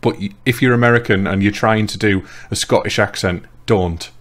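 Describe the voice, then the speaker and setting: A man with a fairly low voice runs a loose, casual gaming chat. He tells his stories in a rambling, animated way. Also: normal speed. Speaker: podcast co-host.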